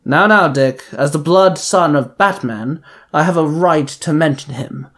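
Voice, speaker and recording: A man voicing a cold, arrogant male assassin leader who speaks in a measured, condescending way in a fan audio story. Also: on the high side, a bit bright.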